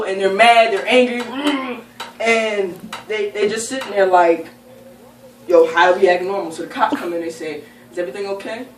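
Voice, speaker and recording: A young woman casually telling a funny story to friends, animated and profane, often laughing as she talks. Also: a little high. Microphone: camera held by a friend. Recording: roomy sound from a distant camera, faint noise.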